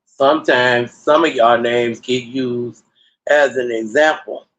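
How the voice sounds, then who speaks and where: A man hosting a casual livestream, ranting and telling stories in a profane, animated way into a computer mic. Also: mid-range voice, slow pace, lo-fi sound. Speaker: livestream host.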